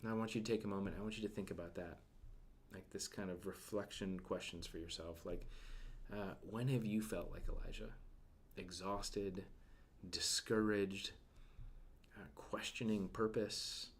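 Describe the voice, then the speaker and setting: A slightly rough, lowish male voice with fairly even intonation speaks at normal speed. He's giving a casual, filler-heavy devotional talk, regularly addressing questions to listeners and going nearly to a whisper at emotional moments.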